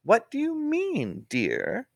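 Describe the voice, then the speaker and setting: A man's voice: extremely high pitch, huge pitch swings, slow, vocal fry, no echo, clean studio sound, pitched above the performer's own voice, heavily acted. A man voicing a sweet, fussy woman police trainee who keeps calling people dear. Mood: chirpy. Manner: calls everyone dear, chirpy.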